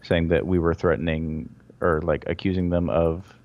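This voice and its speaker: A man's voice: low voice, steady tone, normal speed, lo-fi sound. A man in casual gaming chat, telling stories animatedly and laughing a lot. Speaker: gamer and podcast co-host. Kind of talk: casual chat while playing a game.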